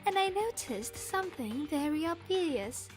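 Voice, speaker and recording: A woman voicing a calm, composed teenage girl gambler in a soft, light, measured voice. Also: high voice, faint music behind.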